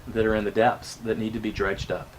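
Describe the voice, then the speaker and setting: A man's voice: lowish voice, level tone, a little hiss or hum. Reflective man hosting an interview. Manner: reflective, halting with repeated words. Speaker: interview host. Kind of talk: casual conversational interview.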